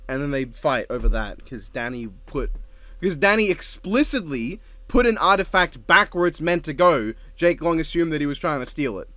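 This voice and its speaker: A man's voice: fairly high pitch, animated, moderate pace, pushed and bright, dry recording. A man chatting casually as a co-host, joking, swearing freely and laughing often. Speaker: co-host ranking show intros. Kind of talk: casual podcast chat.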